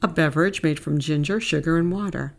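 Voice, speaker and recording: A woman's voice: sits low, a little fast, vocal fry. Woman voicing a joking Australian man. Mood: friendly, joking.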